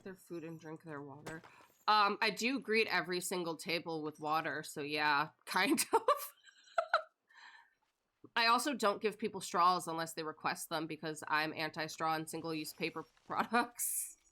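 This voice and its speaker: A woman live streamer chats casually as she plays a game, rambling with lots of fillers and laughter. Her deep voice is bright and forceful, moving at a moderate pace.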